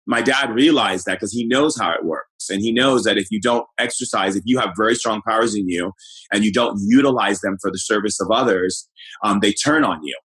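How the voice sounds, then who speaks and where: Middle-aged guy telling his life story in an interview, kinda husky, lots of ums and likes. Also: on the low side, a little fast, poor audio. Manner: loose, searching, many fillers and restarts; relaxed, conversational recounting. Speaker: shaman guest.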